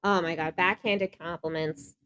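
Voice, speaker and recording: A woman's voice: lowish voice, fairly even intonation, moderate pace, a bit bright, no room sound. A woman hosting a reaction video in a casual, chatty way, laughing often and acting out quoted lines.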